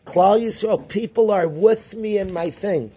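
A man teaching a yeshiva class in a lively way, calling on students by name and mixing Hebrew and Yiddish terms into his English. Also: sits high, a little slow, slight background noise. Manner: animated, calls on students by name. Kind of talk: classroom lecture.

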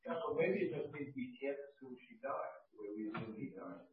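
A man's voice: mid-range voice, moderate pace, a crowd in the background. Student in a Talmud class: a man who argues his point hard, heard far off in a roomy, dull recording with a group around him. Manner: argues his point insistently, repeating himself. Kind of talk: class discussion. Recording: very echoey room, far from the mic, with people around.

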